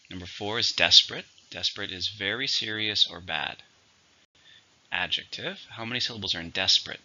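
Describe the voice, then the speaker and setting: Male English teacher, lower pitch, very bright tone, dull lo-fi recording; runs a patient vocabulary drill. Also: gravelly. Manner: explains slowly, asks and answers own questions. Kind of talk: vocabulary lesson.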